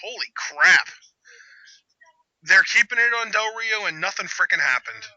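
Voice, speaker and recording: A man's voice: sits high, animated, unhurried, pushed and bright, no echo, lo-fi sound. A young man hosting a live reaction chat, exclaiming, groaning and arguing with his co-host. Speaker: channel host.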